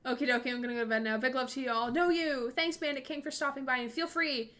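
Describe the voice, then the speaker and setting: Excitable high-voiced woman streamer. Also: fast. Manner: excitable, giggly, swears casually. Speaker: streamer host. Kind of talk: casual live-stream chat while playing.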